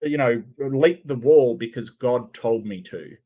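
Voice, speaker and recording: A man's voice: medium pitch, a little slow, warm tone. A man doing sarcastic, incredulous commentary as host of his channel. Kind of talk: mocking commentary on clips.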